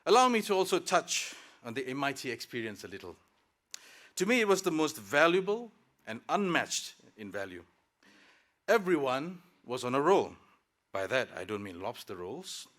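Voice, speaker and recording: A man's voice: medium pitch, sing-song, normal speed, fairly bright tone. A man from Malaysia giving a reflective, lightly humorous graduation speech to his classmates at a ceremony. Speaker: graduating student speaker. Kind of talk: convocation speech. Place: ceremony hall.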